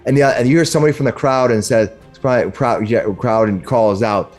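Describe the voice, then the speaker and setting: Halting male game master. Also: medium pitch, a little mellow, soft background music. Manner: halting, many restarts. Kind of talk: narrating a tabletop game.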